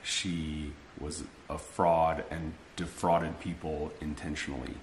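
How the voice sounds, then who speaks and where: A man speaking in an interview, measured and a little hesitant. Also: very deep voice, little pitch movement, echoey room, a little hiss or hum.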